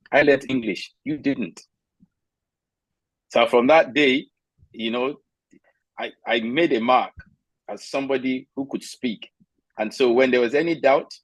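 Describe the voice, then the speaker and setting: A man's voice: fairly low pitch, no room sound, poor audio. A man from Nigeria on a video call, telling stories from his own life and giving firm, candid advice. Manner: emphatic, candid storyteller, gives firm advice.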